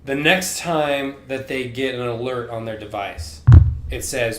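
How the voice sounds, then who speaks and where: In a roomy, echoey room with soft background music, a man with a medium-pitched, bright, forceful voice speaks unhurriedly. Co-hosting a casual chat podcast, he retells a story in a rambling way, swearing freely and leaning heavily on "like."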